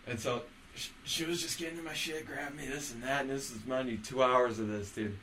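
A man's voice: medium pitch, fairly even intonation, a little fast, noisy background. A young man rambling through a profane story in casual chat with friends.

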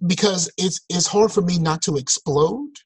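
A man co-hosting a podcast in casual chat, talking in animated, exasperated rants over a remote call. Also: high-pitched, normal speed, slightly rough, rough recording. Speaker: podcast co-host. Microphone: remote call mic.

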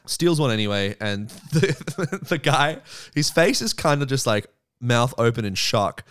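A man co-hosting a casual podcast, recapping a TV episode with wry, deadpan asides. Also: a little slow, smooth. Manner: wry, deadpan asides, drops lower for quoted lines. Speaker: podcast co-host.

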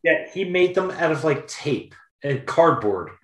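A man's voice: a little high, very animated, unhurried, fairly bright tone. A man co-hosting a podcast, riffing jokes in a casual chat full of swearing. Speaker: podcast co-host. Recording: roomy echo.

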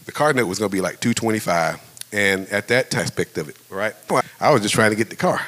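A man in his fifties preaching a sermon in a relaxed, conversational way, telling a personal story and often breaking into laughter. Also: fairly low pitch, brisk. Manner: conversational, animated, laughs often, acts out voices. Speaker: pastor.

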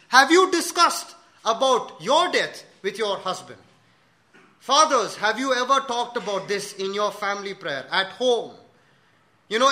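A pastor with a high, bright voice delivers a sermon to his church. He tells stories animatedly, acts out the characters' lines, and presses his listeners with earnest questions. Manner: animated storytelling, acting out dialogue in a joke; earnest rhetorical questions to the congregation.

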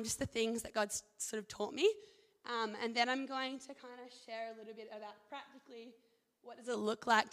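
A woman's voice: on the high side, fairly bright tone. Earnest young woman in a hall. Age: young adult. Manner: earnest, chatty, leans heavily on "like" and "I think". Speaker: speaker sharing a faith testimony. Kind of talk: personal testimony and scripture reading.

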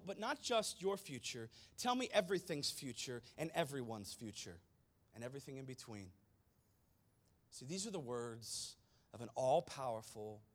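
A male preacher giving an animated, conversational sermon with slangy asides. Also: medium pitch.

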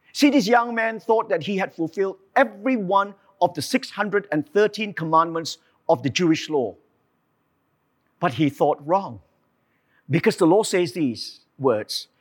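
A man preaching a sermon, telling the story with animated asides and acted-out quotes. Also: high-pitched.

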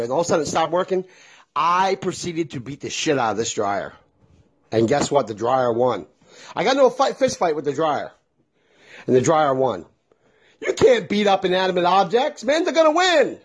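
A man's voice: a little high, big pitch swings, fairly quick, husky. A middle-aged man telling a casual, exasperated story with lots of swearing. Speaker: vlogger.

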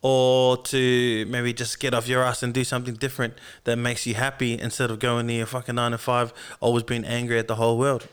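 A young Australian man in his twenties hosts his own podcast in a loose, joking, easygoing way, often filling gaps with ums and dropping the odd swear word. His voice is very smooth and clear through a podcast microphone, sitting at an ordinary middle pitch. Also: level tone, a little fast. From Melbourne, Australia. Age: 20s. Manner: laid-back and joking, with frequent ums and swearing. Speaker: podcast host. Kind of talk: casual chat. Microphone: podcast microphone through a mixing console.

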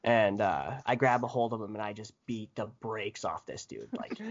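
A young man, a former hockey player, telling profane stories in casual podcast chat, animated and often laughing. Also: fairly low pitch, normal speed, highs cut off.

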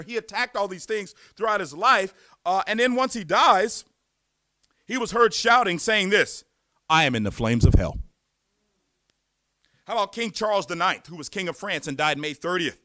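Man, preacher, sermon, high bright voice, emphatic, rhetorical questions, dry close sound. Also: fairly quick, dry recording.

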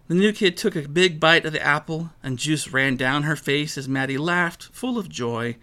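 A man reads a children's story aloud with a bright, forward tone. His voice sits a little high for a man. He brings the lines to life, putting on a new voice for each character. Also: normal speed, few pauses. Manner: animated, acts out each character.

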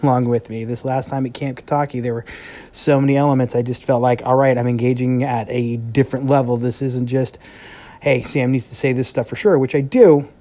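A man hosting a solo podcast, talking in an earnest, heartfelt way with pauses. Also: medium pitch, darkish tone. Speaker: podcast host and speaker. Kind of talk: reflective solo podcast monologue.

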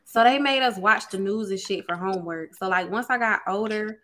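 A woman's voice: mid-range voice, a little fast, bright, forceful tone. A young adult woman co-hosting a podcast, chatting casually, laid-back and profane, laughing often. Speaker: podcast co-host. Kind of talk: casual chat.

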